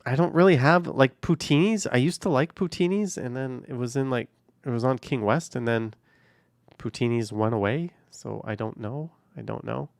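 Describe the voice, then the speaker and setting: Gravelly, easygoing male streamer. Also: mid-range voice, moderate pace, no echo, studio quality. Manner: easygoing, thanks viewers and answers questions. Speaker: live streamer reading chat. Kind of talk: casual live-stream chat. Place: car, driving around the city.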